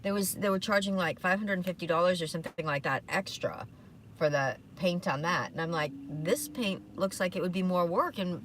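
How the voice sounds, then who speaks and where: A woman's voice: on the low side, moderate pace, noisy background. A woman co-hosting a podcast in casual chat, rambling with lots of fillers and restarts, recorded in a car. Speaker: podcast co-host.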